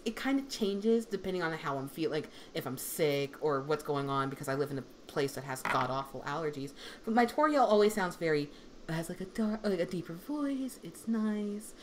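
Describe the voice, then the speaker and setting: Deep-voiced young woman chatting loosely. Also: a little hiss or hum. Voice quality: deep female voice. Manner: rambling, lots of "like" fillers. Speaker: voice actor. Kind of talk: casual livestream chat.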